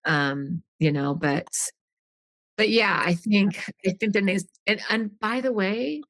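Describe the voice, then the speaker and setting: A woman's voice: medium pitch, slow, a bit bright, no echo. A middle-aged woman telling a personal story on a podcast, earnest and rambling, often restarting sentences and acting out what people said.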